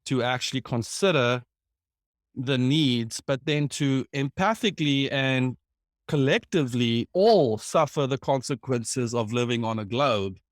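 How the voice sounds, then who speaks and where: Man, former CTO, telling a story, stops and restarts, mid pitch, dry sound. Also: measured pace, no echo. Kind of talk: conversational anecdote.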